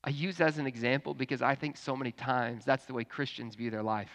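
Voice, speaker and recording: A pastor preaching a sermon, earnest, dropping to a hush and then rising to fervent emphasis. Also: male voice, mid-range voice, fairly even intonation, fast. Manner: earnest, swings from hushed to fervent. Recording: long reverb in a church hall.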